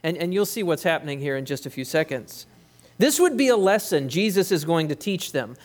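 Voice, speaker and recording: Emphatic preacher man, slightly high voice. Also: expressive, brisk. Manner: emphatic, with conversational asides. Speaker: pastor. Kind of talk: sermon. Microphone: headset mic.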